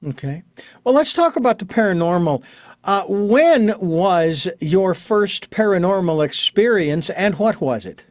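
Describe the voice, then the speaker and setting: A man with a high, very animated voice hosts an interview and asks direct questions that move the guest along. The sound is dry and close. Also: measured pace, no room sound. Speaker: interview host.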